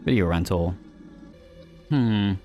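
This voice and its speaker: A man's voice: low-pitched, slow pace, dark tone. A man thinking aloud while playing through a horror game, with game music behind. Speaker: gaming channel host. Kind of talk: playthrough commentary.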